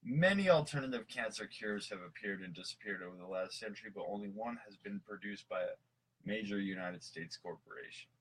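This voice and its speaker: A man's voice: on the low side, animated, brisk, a bit bright, husky, low-quality recording. A man co-hosting a casual chat, tipsy, rambling and goofy, reading from a list between jokes. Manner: rambling, goofy, laughs often, swears. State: tipsy from mead. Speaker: podcast co-host.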